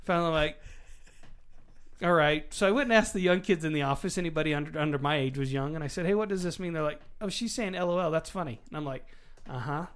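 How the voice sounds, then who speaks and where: A man in his forties, a father hosting a casual family chat, telling animated stories and laughing often as he goes. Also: a little high, quick pace, clean tone. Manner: animated storyteller, laughs often, does voices for quoted people. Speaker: father, podcast host.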